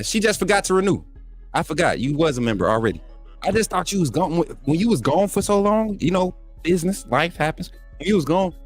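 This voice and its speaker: A man with a somewhat high voice and an Alabama twang hosts a live sports stream, loose, hyped and playful as he trash-talks. Faint music runs underneath. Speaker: live stream show host. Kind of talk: casual live stream chat, reading super chats.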